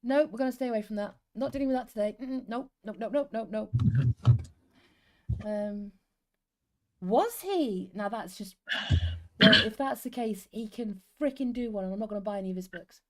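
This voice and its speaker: A chatty English woman in her fifties co-hosts a casual stream. She rambles, laughs easily and reads stories aloud in her own voice, with a pitch that sits mid-range. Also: expressive, fairly quick. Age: 50s. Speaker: co-host reading stories. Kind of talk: casual livestream chat and story reading.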